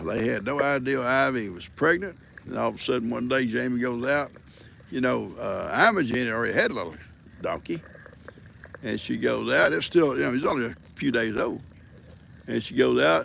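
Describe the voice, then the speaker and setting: A man's voice: mid-range voice, animated, brisk, vocal fry, fairly bright tone, a little hiss or hum. An older man, telling folksy stories and teasing his viewers in a casual livestream from a farm. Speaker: livestream host. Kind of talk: casual rambling storytelling.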